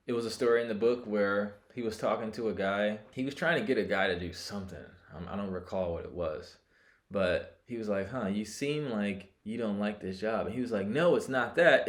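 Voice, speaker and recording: A man talks through a book review in a relaxed, loose way, reading a point aloud and then explaining it in his own words. His voice sits on the low side. The room around him is noticeably echoey. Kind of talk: casual video book review.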